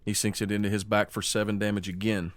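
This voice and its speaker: A man narrating as game master of a tabletop game, slowing down for dramatic scene-setting. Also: on the low side, little pitch movement.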